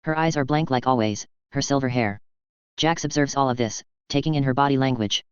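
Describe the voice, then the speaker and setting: A man narrating a fan-fiction audiobook in an even, plain reading voice. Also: medium pitch, fast talker, clean tone, no echo. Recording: dull, dry lo-fi sound.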